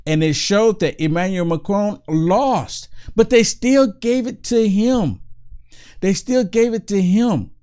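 A man with a fairly high voice hosts a talk show and speaks to the camera in a loose, unscripted monologue. He leans hard on his points and circles back to repeat them for emphasis. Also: a little mellow.

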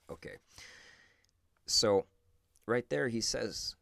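Deep-voiced man hosting a reflective podcast. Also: animated, moderate pace, no room sound. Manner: thoughtful, conversational, with self-corrections. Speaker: podcast host.

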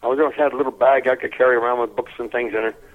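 An older man telling a lively anecdote in an interview, chuckling often and repeating his words as he goes. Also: medium pitch, racing. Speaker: interview guest. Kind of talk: anecdotal storytelling. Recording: tinny phone-like line.

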